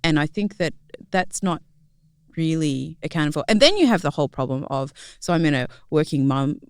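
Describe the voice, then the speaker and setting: A woman's voice: deep voice, expressive, brisk, no echo, studio quality. A woman co-hosting a podcast, speaking in a candid, conversational way and telling personal stories. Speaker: podcast co-host. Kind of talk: casual discussion.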